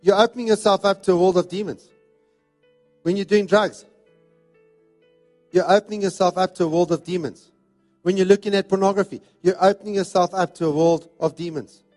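A high-voiced man delivers a sermon, hammering his points home with repeated phrases. Soft music plays faintly beneath his voice. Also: steady tone, brisk, pauses often. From South Africa. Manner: emphatic, repetitive preaching cadence. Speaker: pastor.

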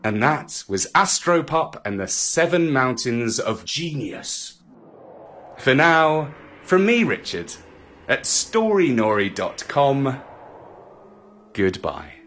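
A man's voice: medium pitch, very animated, slow, a bit bright, a little hiss or hum. A man reads a children's story aloud with theatrical expression. He takes his time, and his voice rises and falls a great deal. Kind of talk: scripted narration.

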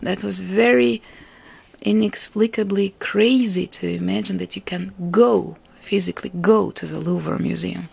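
A woman from Russia, a Russian native speaker, giving an interview about her life and art in an earnest, reflective way, with soft laughs between thoughts. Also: mid-range voice, a little slow, creaky, husky. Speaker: artist and interviewee. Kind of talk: interview answers.

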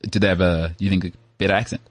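A man co-hosting a podcast, telling stories in an animated, emphatic way during casual chat. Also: sits low, fast talker, dry recording. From South Africa. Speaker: podcast co-host.

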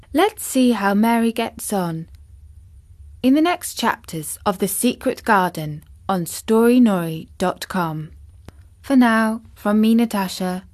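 A woman storyteller reading a children's chapter book aloud in a gentle, measured way. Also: mid-range voice.

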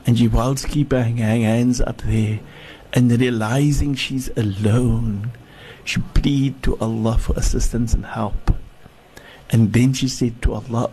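Husky, halting sheikh telling a story. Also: male voice, mid-range voice, fairly even intonation, warm tone. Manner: slow, halting, with many restarts and repeated words. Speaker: sheikh, guest speaker. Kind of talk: storytelling sermon.

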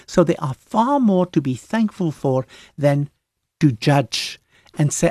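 A woman's voice: low-pitched, lively intonation, slow, warm tone, no room sound, studio quality. A woman minister talking about faith in an earnest, emphatic way, often restarting her sentences as she preaches conversationally. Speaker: Christian minister, guest.

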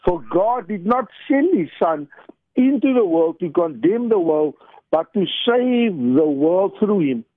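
A man's voice: sits high, sing-song, a little slow, no echo. A man, an evangelist speaking as a radio guest over the phone, earnest and repeating phrases for emphasis. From South Africa. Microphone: telephone. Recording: dry tinny phone line.

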